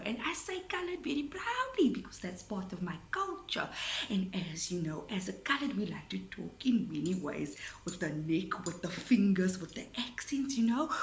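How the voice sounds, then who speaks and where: A woman's voice: mid-range voice, vocal fry, slight background noise. A woman with a South African accent, a teacher giving a chatty, playful video lesson to her students. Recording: roomy echo.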